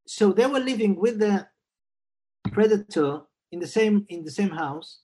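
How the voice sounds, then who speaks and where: A man in his sixties, a psychiatrist and Jungian analyst, telling a personal family story in a thoughtful, unhurried way, often repeating words as he goes. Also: sits high, lively intonation, warm tone.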